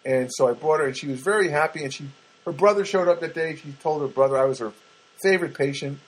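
A man's voice: a little high, fast talker, low-quality recording. A man hosting his own podcast, telling a meandering personal story with many restarts, recorded in a studio apartment. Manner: animated, meandering, self-interrupting. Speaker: podcast host. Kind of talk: rambling personal monologue.

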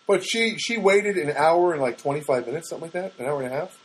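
A man's voice: fairly high pitch, animated, fast talker, few pauses, low-quality recording. A man talking alone in his small studio apartment, telling a rambling, exasperated story for his podcast. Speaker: solo podcaster. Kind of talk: casual monologue.

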